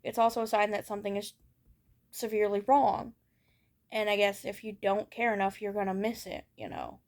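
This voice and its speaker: A woman's voice: mid-range voice, animated, normal speed, a little mellow. A young woman giving a candid personal monologue as a vlogger. She talks in a raw, blunt way, swears and circles back over her thoughts. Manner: ranting.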